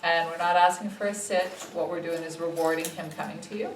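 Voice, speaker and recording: A woman puppy trainer calmly explaining training exercises to owners. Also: fairly low pitch, fairly quick. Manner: calm, steady instructive tone. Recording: echoey room, distant mic, faint noise.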